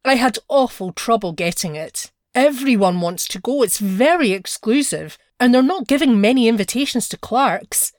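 A woman's voice: fairly high pitch, expressive, moderate pace, few pauses, a little mellow, no room sound, studio quality, lightly acted. A woman reading a story aloud, voicing an anxious clerk husband who talks in an earnest, pleading way. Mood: eager. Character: anxious eager-to-please husband, a modest clerk.

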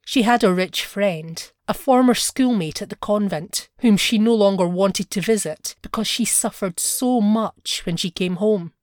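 A woman reading a classic short story aloud in a measured, expressive storytelling manner. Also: mid-range voice, dry recording, studio quality. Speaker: narrator. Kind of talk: scripted story narration.

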